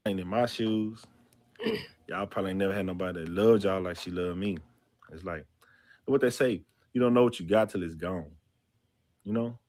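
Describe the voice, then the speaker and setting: Low-voiced man, confessional podcast guest, dry close sound. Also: darkish tone, dry recording. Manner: earnest, halting, confessional. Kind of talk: casual podcast talk.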